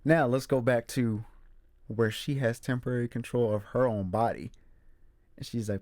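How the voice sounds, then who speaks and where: A young man talks casually about a film he loves, with an animated way of retelling scenes. His voice sits at a medium pitch. The sound is dry and close, with no room echo. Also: normal speed. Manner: animated retelling, acts out character quotes. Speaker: movie reviewer host.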